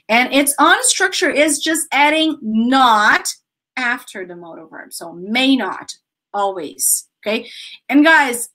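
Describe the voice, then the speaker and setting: Brazilian woman teaching grammar, slow and high. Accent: Brazilian Portuguese. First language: Portuguese. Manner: lively, laughs often, drills students with repeat-after-me sentences. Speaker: English teacher. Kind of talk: online grammar lesson.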